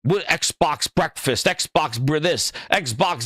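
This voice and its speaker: A man with a high, wildly swinging voice rants about gaming in an exasperated, profane tirade. He mocks the people he argues with as he goes. The sound is close and dry. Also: sing-song, measured pace, a bit bright, dry recording. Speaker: gaming channel host. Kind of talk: ranting commentary.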